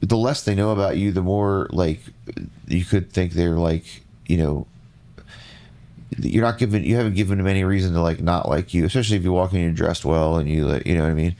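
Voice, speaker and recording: A man's voice: low voice, a little fast, dark tone. A man co-hosting a podcast, speaking in a thoughtful, hesitant way that trails off. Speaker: podcast co-host, musician. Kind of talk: casual chat.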